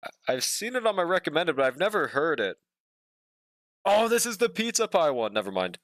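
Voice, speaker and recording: A man's voice: a little high, sing-song, brisk, a bit bright, no echo, studio quality. Laid-back young man streaming while drawing. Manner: laid-back, swears often, talks to chat.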